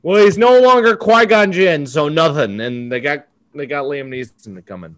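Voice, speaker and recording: Young male co-host, higher-pitched voice, profane riffing comic, breaks into yelping mock rants. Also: animated, normal speed. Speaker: podcast co-host. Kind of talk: casual comedic chat.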